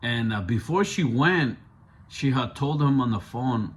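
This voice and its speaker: A man's voice: medium pitch, expressive, a little slow. A man telling a true story in a conversational way, with street slang and frequent asides to the listener. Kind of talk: casual true-story narration.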